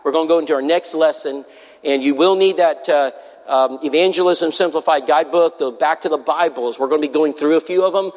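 A man's voice: fairly high pitch, a little fast, a little mellow. A man preaching a sermon, telling a story in an earnest way and acting out the other people's lines. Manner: earnest, acts out quoted voices. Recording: long hall reverb.

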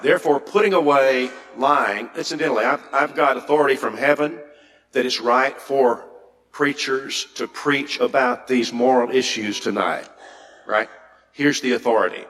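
A man preaching a sermon, reading scripture aloud and commenting on it, with frequent restarts and questions put to the congregation. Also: a bit bright. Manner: reads scripture aloud and comments, rising pitch when emphatic; repeats words and restarts, asks the audience questions.

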